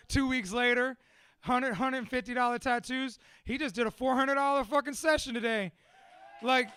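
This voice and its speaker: At a gathering he hosts, a man who runs a tattoo studio talks casually to a roomful of people. His voice is very high-pitched and the recording has no room sound. He swears a lot and comes across as excitable and heartfelt.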